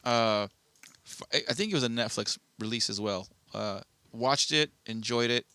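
A man's voice: medium pitch, moderate pace, sharp tone, dry recording. A man co-hosting a podcast, telling rambling, profane stories in casual chat. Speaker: podcast co-host.

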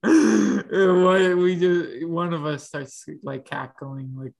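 A man co-hosting a casual podcast, talking in a halting, hesitant way and laughing easily. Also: a little high, gravelly. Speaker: podcast co-host. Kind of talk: casual chat.

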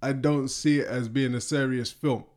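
A man's voice: medium pitch, fairly even intonation, moderate pace, darkish tone. A man in casual conversation reviewing a film, rambling a little and laughing easily. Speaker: podcast co-host.

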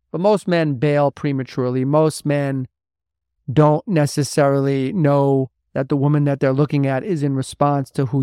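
This podcast host mentors men, speaking bluntly and emphatically with a lot of repetition. His voice is fairly high and darkish, captured in a dry, clean studio recording.

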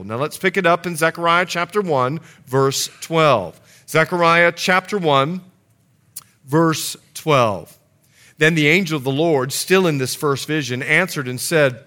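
A male pastor preaching a sermon, an animated storyteller with playful asides. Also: a little high, unhurried.

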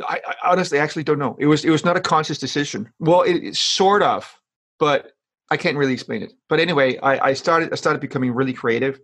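A man's voice: a little high, brisk, a bit bright. A man speaks as a guest in a casual interview. He is earnest and often repeats words while he works out his thoughts. He coaches public speaking.

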